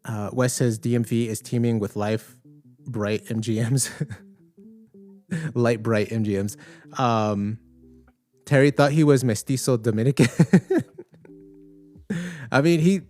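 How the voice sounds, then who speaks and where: A man's voice: medium pitch, slow pace, pauses often, faint music behind. A man hosting a livestream podcast, chatting casually and reading out viewer comments with many fillers. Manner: relaxed, conversational, thinks aloud with many fillers.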